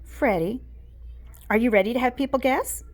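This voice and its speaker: A woman's voice: on the high side, moderate pace, pitched above the performer's own voice, close to an everyday voice. A woman voicing a patient but firm female schoolteacher in a storybook read aloud, in an orderly classroom tone. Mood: firm teacherly.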